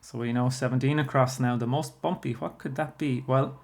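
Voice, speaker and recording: Patient teacher explaining spelling. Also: male voice, mid-range voice, steady tone, brisk, vocal fry. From Ireland. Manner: patient and explanatory, with frequent fillers. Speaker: primary school teacher. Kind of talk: recorded spelling lesson explaining a workbook.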